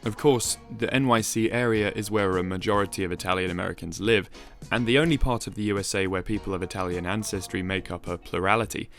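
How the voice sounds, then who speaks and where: A man giving a measured, explanatory, scripted narration for a video essay. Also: lowish voice, creaky, fairly bright tone, soft background music.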